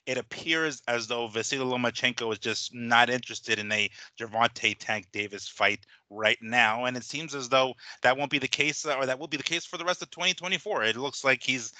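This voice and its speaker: A man's voice: medium pitch, bright, forceful tone, no echo. A man co-hosting a boxing podcast, running through fight news in a rambling, filler-heavy, laid-back way. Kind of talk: casual boxing news chat.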